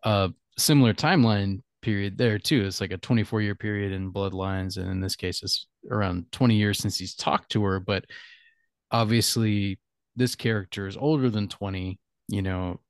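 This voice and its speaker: A man with a lowish voice talks through his thoughts in a relaxed, rambling podcast chat, often chuckling as he goes. His voice is close and dry, with almost no room sound around it. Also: normal speed, smooth, no room sound. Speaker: podcast host. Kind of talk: casual chat.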